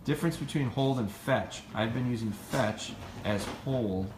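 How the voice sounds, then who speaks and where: A man's voice: mid-range voice, unhurried, echoey room, background noise. Plainspoken man answering viewers live. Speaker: dog trainer hosting a live stream. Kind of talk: casual live Q&A.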